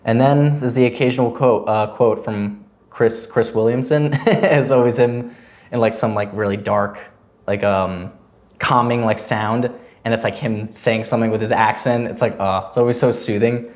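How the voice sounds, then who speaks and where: This podcast guest is a young man with a medium-pitched, somewhat dark voice who speaks steadily at a normal speed. He rambles casually and fills his sentences with "like."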